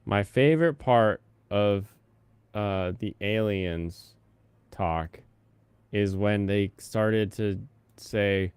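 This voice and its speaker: Male streamer, lowish smooth voice, dry close sound, loose rambling chat with idle humming. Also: very slow, darkish tone, dry recording. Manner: rambling, hums to himself between topics. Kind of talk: casual live-stream chat.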